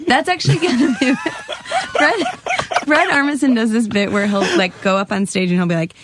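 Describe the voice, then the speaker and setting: Playful woman guest-hosting, light high voice. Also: moderate pace, noisy background. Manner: playful, laughs often, tries silly accents. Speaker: guest host. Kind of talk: casual chat.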